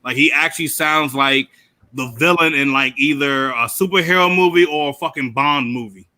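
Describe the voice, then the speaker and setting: Bright-voiced man telling profane stories. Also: a little high, normal speed. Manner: animated storytelling, profane, laughing banter. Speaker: podcast guest. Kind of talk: casual chat.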